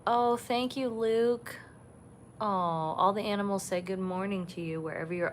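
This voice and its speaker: A woman hosting a casual livestream from a resort balcony, chatting softly and gushing over the animals she sees. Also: mid-range voice, normal speed, slight background noise. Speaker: vlog host. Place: resort balcony overlooking savanna, outdoors.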